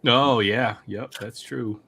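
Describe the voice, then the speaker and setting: A man's voice: medium pitch, steady tone, slow, pushed and bright, husky. A man in casual chat, easygoing and agreeable.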